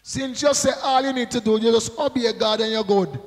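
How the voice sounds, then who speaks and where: A man's voice: extremely high pitch, a little fast, in a large hall, poor audio. A male pastor preaching a sermon, drawing out call-and-response with rhetorical questions and prompts to the congregation.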